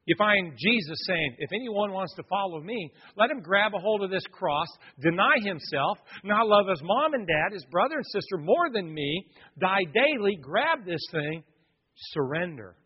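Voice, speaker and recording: This is a husky, high-voiced man, a pastor delivering a sermon built around a personal story. He tells it with animation, performing the voices of the others involved, and the sound is dull lo-fi in a long-reverb hall.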